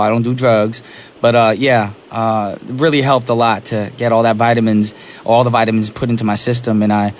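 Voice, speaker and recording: Fast-talking young male radio DJ. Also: medium pitch, slight background noise. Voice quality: hoarse, recovering from sore throat. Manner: energetic, chatty, laughs easily. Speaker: radio DJ host. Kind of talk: casual radio chat. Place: radio studio. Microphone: studio microphone.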